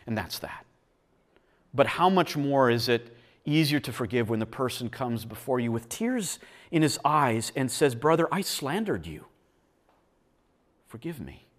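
A man preaching a sermon at a men's retreat, earnest, often repeating words as he goes and swinging from quiet to emphatic. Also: on the high side. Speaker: pastor.

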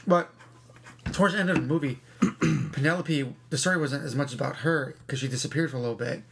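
A man's voice: medium pitch, fairly quick, creaky, a crowd in the background. A man co-hosting a casual movie chat, joking and interjecting. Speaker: podcast co-host.

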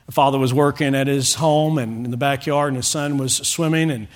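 A man preaching a sermon to his congregation as pastor, fervent and rising to loud pleading calls. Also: medium pitch, steady tone, a little fast. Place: church sanctuary with a congregation.

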